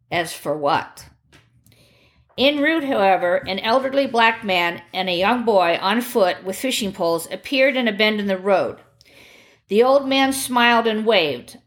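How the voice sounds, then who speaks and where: A woman narrating a true crime story in a grave, measured reading voice. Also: mid-range voice.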